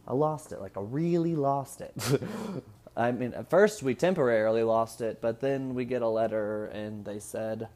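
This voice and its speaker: A man's voice: mid-range voice, unhurried, darkish tone. Rambling, profane man in his twenties. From Indiana, USA. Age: 20s. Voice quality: rambling, profane, laughs often. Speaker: vlogger. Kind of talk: casual chat. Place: at home.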